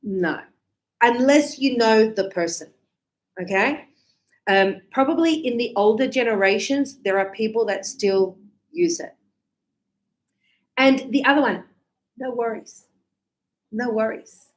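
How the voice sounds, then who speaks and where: A woman's voice: a little high, animated, a little slow, pauses often. An Australian woman teaching English, chatty, acting out short example dialogues to explain everyday phrases. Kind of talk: online English lesson.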